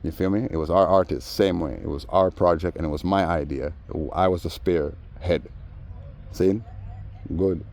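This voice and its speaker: A man telling a story in a casual rant, animated and mimicking the people he quotes. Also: low voice, normal speed, vocal fry. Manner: animated, mimics others in quoted voices, laughs often. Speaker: vlogger.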